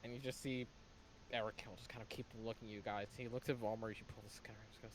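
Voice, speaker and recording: A man working as game master, narrating a tabletop game with quick, descriptive lines. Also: on the low side, level tone, slight background noise.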